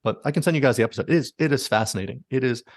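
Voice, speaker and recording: A man's voice: mid-range voice, racing, no room sound, studio quality. A man hosting a podcast, casually retelling stories with many likes and quoted asides. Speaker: podcast host. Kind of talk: casual storytelling.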